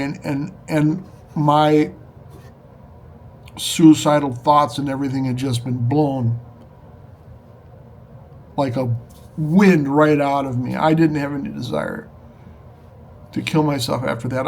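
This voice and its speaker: A man telling a personal story in an earnest, halting way, often restarting his sentences. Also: a little high, vocal fry, darkish tone, a little hiss or hum. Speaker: storyteller recounting a spiritual experience. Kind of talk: personal testimony.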